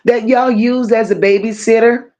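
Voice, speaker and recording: A true-crime livestream host rants confrontationally, hitting her stressed words hard and pausing to thank viewers in the chat. Her voice is on the high side, mellow, with fairly even intonation, and the recording is muffled with a little hiss or hum.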